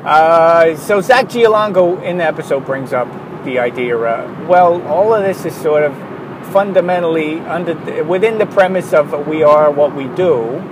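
A man's voice: fairly high pitch, normal speed. Worked-up man ranting over background hum. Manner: worked-up, ranting, self-interrupting. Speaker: podcast host. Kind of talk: solo podcast monologue.

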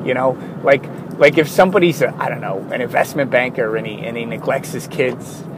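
A man's voice: medium pitch, a little fast, background noise. A man hosting a solo podcast, ranting in a worked-up way, often interrupting himself and apologizing. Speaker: podcast host.

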